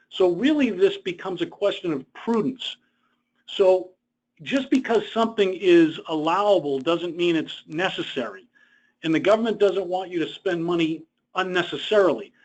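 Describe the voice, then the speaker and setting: A man presenting a webinar lecture in a conversational way, explaining rules through personal stories. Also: high-pitched. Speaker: presenter on government contract costs. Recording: dull lo-fi webinar audio.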